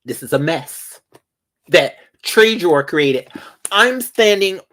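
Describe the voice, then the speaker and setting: A man's voice: a little high, animated, sharp tone. Sassy, dramatic man ranting to viewers. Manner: sassy and dramatic, drawn-out emphasis. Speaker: vlogger. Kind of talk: casual commentary to viewers.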